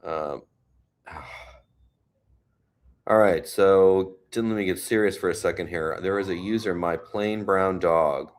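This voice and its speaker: Slow, low-voiced man hosting a live chat. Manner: chatty, reads viewer comments aloud, gentle and consoling. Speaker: host. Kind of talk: casual live-stream chat. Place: home in New York City.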